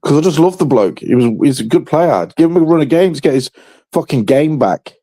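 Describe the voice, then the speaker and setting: A man's voice: fairly high pitch, expressive, brisk, dark tone, breathy edge, dry recording. A man with a Yorkshire accent, co-hosting a football podcast with joking, rambling banter. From England. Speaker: podcast co-host. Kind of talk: casual football chat.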